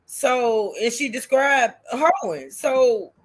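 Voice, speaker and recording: Brief: chatty woman co-host, lively swooping pitch, a touch high. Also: takes it slowly, hardly any pauses, slightly rough. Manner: animated, chatty, reacting to viewers. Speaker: livestream co-host. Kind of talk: casual commentary chat.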